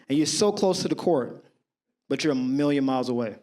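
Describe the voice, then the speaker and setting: In a mid-range voice at a slightly fast pace, a stand-up comedian in his thirties tells stories and chats directly with the crowd. He's animated, acting out the people in his tales by doing their voices.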